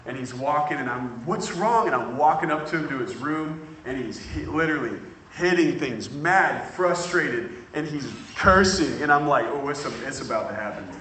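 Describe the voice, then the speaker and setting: Bright-voiced preacher in an echoey hall. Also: male voice, mid-range voice, moderate pace, few pauses, far from the mic, slight background noise. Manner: builds from calm to shouting excitement, acts out dialogue. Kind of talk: sermon with storytelling. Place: church hall with congregation.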